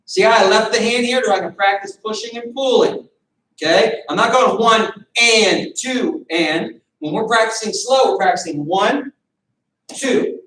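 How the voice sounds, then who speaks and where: Teaching beginner boxing over a video call, a male martial arts instructor coaches with counts and commands. His voice sits high and is brisk and a bit bright. There's a little hiss or hum, plus echo from the room and a distant mic.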